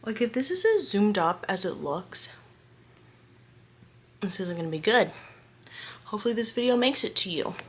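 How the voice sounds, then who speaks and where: A woman's voice: medium pitch, sing-song, moderate pace, long pauses, a little hiss or hum. A young woman chatting casually on a book vlog at home, rambling and self-deprecating, recorded on a camera mic. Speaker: book vlogger. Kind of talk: casual chat.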